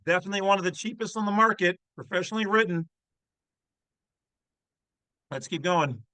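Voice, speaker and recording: A man's voice: high-pitched, lively intonation, fairly quick, sharp tone, dry recording, low-quality recording. A man hosting his channel, commenting in a brash, folksy, slangy way. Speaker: channel host. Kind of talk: casual commentary on a read-aloud text.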